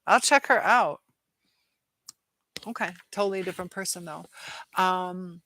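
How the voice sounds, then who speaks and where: A woman's voice: on the low side, a little slow, long pauses, pushed and bright, no room sound. A tired woman hosting a live chat, reading viewer comments aloud and hesitating often. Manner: hesitant, many fillers and restarts. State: tired and dizzy.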